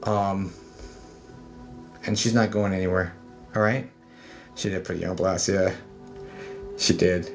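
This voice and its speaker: A man's voice: low-pitched, fairly even intonation, takes it slowly, creaky, pauses often, soft background music. A man working as a psychic medium, giving a chatty livestream spirit reading full of fillers and calling people darling.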